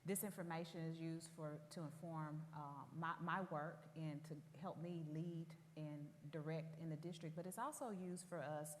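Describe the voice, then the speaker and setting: A woman's voice: sits low, steady tone. A woman in her forties with a Southern US accent from Tennessee, speaking as a school superintendent in an earnest, proud interview conversation. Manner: earnest, proud, measured storytelling. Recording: long hall reverb.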